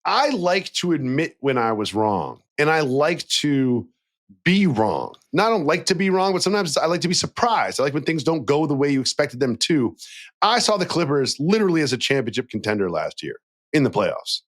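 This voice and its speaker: A man's voice: on the high side, moderate pace. A man co-hosting a casual basketball podcast, talking animatedly and acting out what players might say. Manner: animated, acts out imagined player quotes. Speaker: podcast co-host. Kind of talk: casual sports chat.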